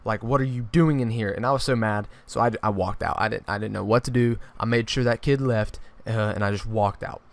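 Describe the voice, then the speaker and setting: A young man, telling a true story for his vlog in an animated way, often restarting his sentences. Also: on the low side, fairly quick, gravelly, hardly any pauses. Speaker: YouTuber.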